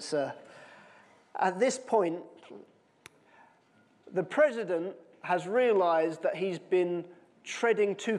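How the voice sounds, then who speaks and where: A man's voice: high-pitched, a little mellow, in a large hall. A man from the United Kingdom preaching a sermon in a casual, chatty way, quoting with emphasis.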